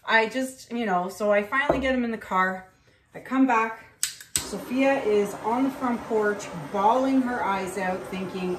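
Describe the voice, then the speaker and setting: A woman in her thirties talks her way through an acrylic pour painting session, chatty and rambling, full of "anywho" and "um". Her voice sits at an ordinary pitch and bounces around an echoey room. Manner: chatty, rambling, with frequent fillers. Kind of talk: casual painting tutorial with storytelling.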